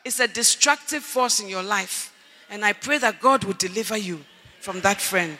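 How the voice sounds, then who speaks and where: A man preaching a sermon at a conference, speaking emphatically, shouting at his peaks and calling out for Amen. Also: sits high, moderate pace, slight background noise. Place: large conference hall. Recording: echoey hall reverb.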